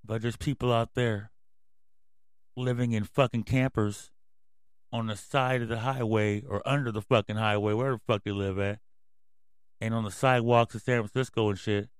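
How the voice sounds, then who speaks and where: A man hosting a podcast, ranting angrily and yelling, with constant swearing. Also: fairly low pitch, fairly even intonation, normal speed, clean tone, no echo, clean studio sound. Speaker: podcast host. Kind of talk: profane ranting commentary.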